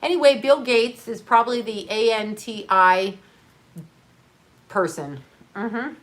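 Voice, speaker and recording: A woman's voice: fairly high pitch, takes it slowly, fairly bright tone. Chatty rambling woman livestreaming. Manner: rambling, chatty, laughs often, speaks to viewers. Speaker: livestream host. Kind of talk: casual livestream chat reading comments.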